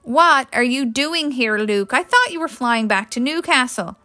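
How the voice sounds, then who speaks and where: Woman doing a young new mom, sharp accusing tone, bright high voice. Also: very animated, moderate pace, heavily acted. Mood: upset. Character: upset young new mother.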